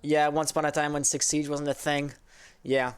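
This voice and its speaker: His voice is on the high side and smooth, with little pitch movement and a moderate pace. This esports caster from Quebec, Canada, a native French speaker, uses English with a Quebec French accent. In a relaxed livestream chat, he rambles along and answers viewers' messages as he reads them.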